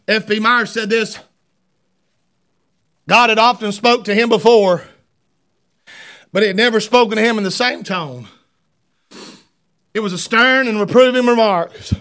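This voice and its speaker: High, bright-voiced preaching man. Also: a little slow, long pauses. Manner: rising to fervent shouted preaching, with repetitions. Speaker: pastor. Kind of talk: sermon. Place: church sanctuary.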